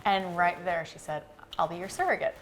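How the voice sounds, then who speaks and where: A woman with a slightly low voice tells her family's story in an interview. She talks conversationally and slips into the voices of the people she quotes. Faint background noise sits under her words. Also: fairly quick, fairly bright tone. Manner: conversational, acting out quoted dialogue. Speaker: company co-founder interviewed with her husband. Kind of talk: emotional personal storytelling.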